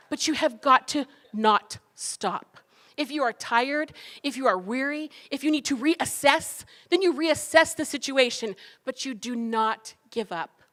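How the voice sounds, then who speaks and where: A woman's voice: high voice, a bit bright. A woman giving a motivational talk, telling her story animatedly and acting out the dialogue with laughs. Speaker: cookbook author and speaker.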